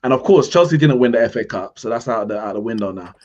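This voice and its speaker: A man's voice: mid-range voice, animated, fast talker, a little mellow, muffled recording. A man on a football debate panel arguing his point and reeling off trophy counts. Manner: argumentative, lists stats.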